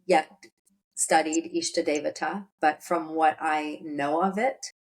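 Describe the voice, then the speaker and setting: A woman answering as a guest on a podcast, speaking in a measured, thoughtful way. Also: low-pitched, steady tone, poor audio. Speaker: podcast guest, Vedic astrology practitioner. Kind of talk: casual interview answer.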